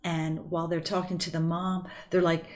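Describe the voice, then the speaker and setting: A middle-aged woman with a fairly low voice, speaking as a counselor to parents. She talks in an earnest, emphatic way and often acts out what people say. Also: level tone, moderate pace, darkish tone. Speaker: family counselor. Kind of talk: explanatory talk to parents.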